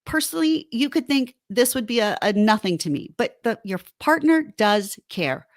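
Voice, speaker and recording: A high-pitched woman co-hosting a relationship podcast, her voice swooping up and down as she talks. She sounds animated and casual. The recording is close and dry. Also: moderate pace, dry recording. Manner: animated, acts out heated quotes. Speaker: podcast co-host. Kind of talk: casual relationship advice chat.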